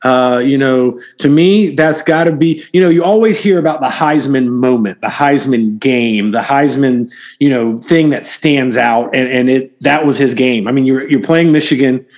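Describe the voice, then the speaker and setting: A man co-hosting a sports podcast in casual chat, animated and full of fillers and restarts. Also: mid-range voice, moderate pace. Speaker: podcast co-host.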